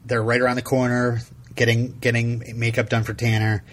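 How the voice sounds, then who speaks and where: Podcast co-host, middle-aged man from Vermont, animated storyteller, average pitch. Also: normal speed. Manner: animated, laughs often, acts out quotes. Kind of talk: casual chat, storytelling.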